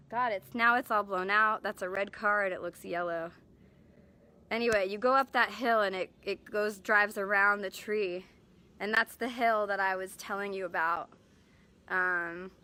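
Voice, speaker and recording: With a sharp tone at medium pitch, this young songwriter and singer streams live from her home, inside and out, holding her phone as she chats. She's casual and rambling, apologizing often and restarting with many fillers.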